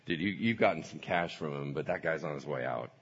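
A man's voice: a little high, huge pitch swings, normal speed, creaky, a bit bright, breathy edge, pitched above the performer's own voice, full character voice. A man voicing a sly, wheedling male serpent tempter who coaxes and insinuates in a sermon. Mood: coaxing. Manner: insinuating, coaxing. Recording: dull lo-fi sound.

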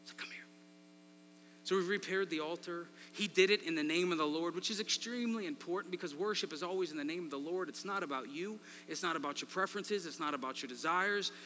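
A man with a high, very bright and sharp voice preaches a sermon. He swings between loud, driving emphasis and hushed asides. His voice carries a long hall reverb with a faint mains hum underneath. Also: quick pace, hardly any pauses. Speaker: pastor.

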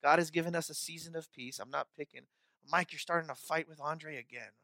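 A male pastor preaches a sermon in a slightly high voice at a fairly quick pace, repeating key phrases for emphasis. He swings between soft, quiet passages and loud, urgent ones, and the recording is dry.

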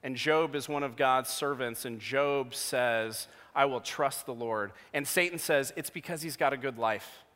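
A man in his thirties preaching a sermon, telling a personal story with jokey asides, going from hushed to loud. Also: mid-range voice, measured pace, few pauses. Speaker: pastor. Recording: long hall reverb.

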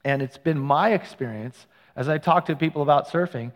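A man preaching as a pastor in a relaxed, conversational way, telling personal stories with asides and self-corrections. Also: fairly high pitch, brisk, long reverb tail. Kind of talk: sermon. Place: church sanctuary.

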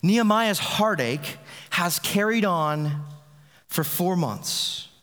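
Male pastor mid-sermon, slightly high voice, conversational, many restarts, echoing sanctuary sound. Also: animated, takes it slowly, a bit bright. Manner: conversational preaching with frequent restarts. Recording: long reverb of a large hall.

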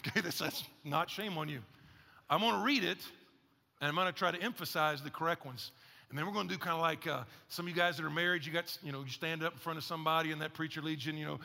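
A man's voice: on the high side, fast, creaky, bright, forceful tone, in a large hall. A male pastor preaching a sermon in a conversational, joking way, leading the congregation in spoken declarations.

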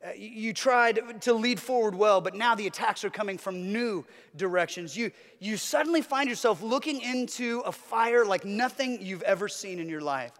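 A man's voice: high-pitched, animated, moderate pace, few pauses, a bit bright, big-room sound. A man preaching a sermon as a pastor, earnest, with a repetitive, building cadence.

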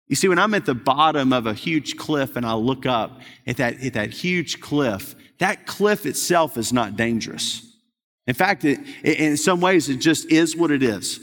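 A man's voice: on the high side, animated, moderate pace, a bit bright. A middle-aged male pastor preaching a sermon in an earnest, conversational way, often restarting his sentences. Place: church sanctuary. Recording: long hall reverb.

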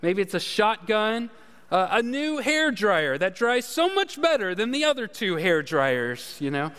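A man's voice: high voice, very animated, unhurried, fairly bright tone, smooth. A man preaching, telling a folksy, self-deprecating story with many fillers and "all right?" asides. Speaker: pastor. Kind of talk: sermon storytelling. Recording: long hall reverb.

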